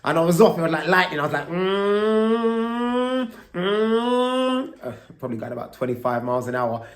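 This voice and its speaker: A man's voice: medium pitch, very fast, a bit bright, echoey room. A man, telling a story to his vlog camera in a loose, casual way. He swears freely and keeps tagging lines with "right?". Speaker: vlogger.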